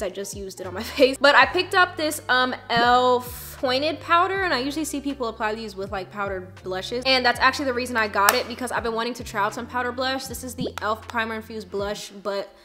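Young woman vlogger, casual and slangy, fairly high bright voice; chatty to-camera delivery. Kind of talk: casual vlog chat to camera.

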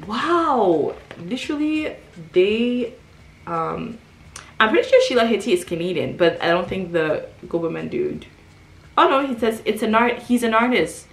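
A woman vlogger chatting casually through a book haul, reading back covers aloud and reacting with quick exclamations. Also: mid-range voice, animated, creaky, soft background music.

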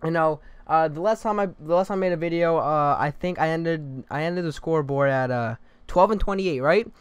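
A young man giving casual, sarcastic commentary over his own gameplay, swearing freely and breaking into animated outbursts. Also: a little high, normal speed, clean tone, no room sound. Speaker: gaming commentator.

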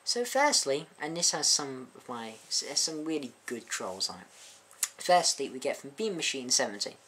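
A man's voice: medium pitch, very animated, normal speed, pushed and bright, slight background noise. A young man in a casual vlog, sounding baffled and exasperated as he fires off rhetorical questions. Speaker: YouTube music reviewer.

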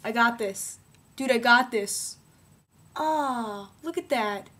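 A woman's voice: on the high side, takes it slowly, a bit bright. A woman rambling playfully in a casual video diary, giggling often. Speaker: vlogger.

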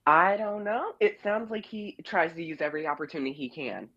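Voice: mid-range voice, expressive, brisk, a bit bright, no room sound. A caller giving a casual, blunt and opinionated rant about reality TV, scolding the cast members directly. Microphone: phone or online call-in. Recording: muffled call-in line.

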